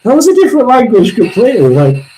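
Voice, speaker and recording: A man with a high, bright-toned voice that swoops up and down as he muses through a live psychic reading. He talks to the spirits and to his viewers in a casual, excitable way. A faint hiss of background noise sits under the voice. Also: quick pace, rough recording. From England. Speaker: psychic medium livestream host.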